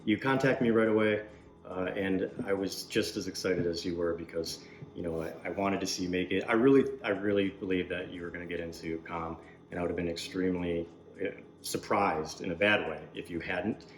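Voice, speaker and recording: Low-voiced man hosting an interview. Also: a little fast, roomy sound, a little hiss or hum. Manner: relaxed, friendly questioning with frequent laughs. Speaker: host. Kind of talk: casual interview.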